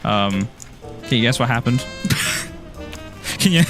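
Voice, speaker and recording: Irish man, fairly high voice, lively swinging pitch, jokey rambling game stream chat, faint music underneath. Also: fairly quick, long pauses. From Ireland. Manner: rambling and jokey, laughs often, self-teasing. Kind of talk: casual gameplay commentary, chatting with viewers.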